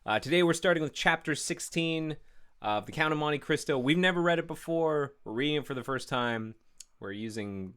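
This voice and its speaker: A man reads a classic novel aloud for a casual book show, his voice rising and falling in a lively, expressive way. Between passages he drops into easygoing, animated chat. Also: fairly high pitch, moderate pace, clean tone. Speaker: co-host and reader.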